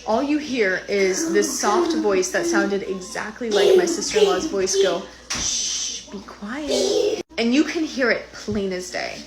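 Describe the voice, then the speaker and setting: A woman in her thirties telling her own eerie experience in a casual, animated way, acting out what people said. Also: mid-range voice, measured pace, hardly any pauses, heavy background noise. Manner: animated, retelling with quoted voices and fillers. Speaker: storyteller sharing a personal experience. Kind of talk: casual first-person storytelling.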